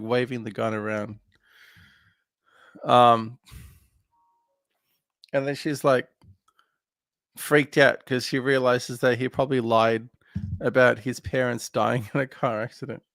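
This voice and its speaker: A man with a very gravelly, creaky voice recaps a film plot casually. He wanders through the story with lots of ums. The sound is close and dry, with no room behind it. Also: mid-range voice, a bit bright, no room sound. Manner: meandering, filler-heavy retelling. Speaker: film podcast co-host.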